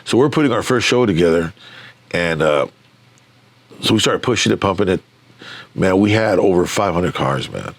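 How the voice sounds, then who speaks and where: A middle-aged man with a fairly low voice tells stories in a loose, casual way. He swears freely and stumbles over repeated words. He acts out what other people said as he goes. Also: lively intonation, moderate pace, long pauses, no room sound. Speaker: magazine founder, interview guest. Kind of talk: casual storytelling.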